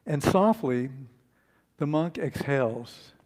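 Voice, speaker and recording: Man giving a relaxed sermon. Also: a little high, slow pace. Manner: relaxed storytelling, conversational with fillers and restarts. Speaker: speaker and author.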